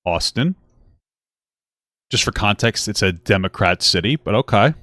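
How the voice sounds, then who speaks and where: A man's voice: on the low side, lively intonation, measured pace, a bit bright, dry recording. A man hosting a reaction commentary, talking with sarcastic, dry asides. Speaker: commentary host.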